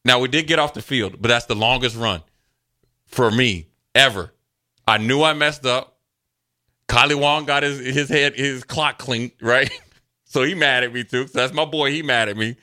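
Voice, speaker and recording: A man co-hosting a sports talk show, telling stories from his playing days in a loose, animated way and acting out what others said. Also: medium pitch, moderate pace. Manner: animated storyteller, acts out quotes, loose and chatty. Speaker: sports radio co-host, former NFL player. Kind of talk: casual sports talk storytelling.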